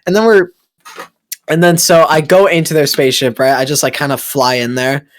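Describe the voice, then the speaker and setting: Fairly high-pitched and brisk with a steady tone, this young man's voice is recorded dry on a computer mic during a late-night game recording. A friend telling a story, he spins a crude, improvised tall tale that rambles, stuffed with fillers and restarted sentences.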